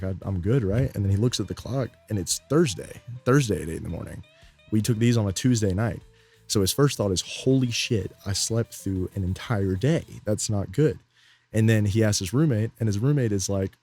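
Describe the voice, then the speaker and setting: Young guy rambling thru a storytime, real low voice, faint guitar music underneath. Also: mellow, husky. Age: young adult. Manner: rambling, laid-back, lots of fillers. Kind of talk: casual storytime.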